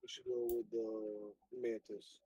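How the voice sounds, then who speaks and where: A man's voice: on the low side, level tone, takes it slowly, warm tone, breathy edge. A man playing a card game, calling out short, decisive moves. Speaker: player. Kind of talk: casual gameplay chat.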